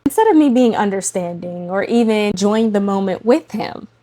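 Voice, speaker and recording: A young adult woman, a mother, speaking casually to camera about faith and home life in a chatty, animated way, often laughing and addressing women viewers directly. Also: mid-range voice, normal speed. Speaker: faith and lifestyle vlogger, mother.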